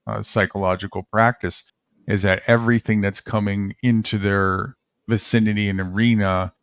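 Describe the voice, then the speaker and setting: Gravelly low-voiced man explaining. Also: fairly even intonation, no echo, clean studio sound. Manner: measured, explanatory, many uh fillers. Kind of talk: casual conversation.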